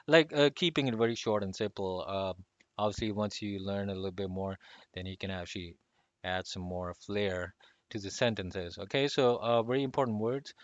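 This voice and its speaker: A man teaching a relaxed online lesson, speaking loosely with lots of fillers and chuckles. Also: on the low side, no room sound, dull audio. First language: not Spanish. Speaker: language teacher.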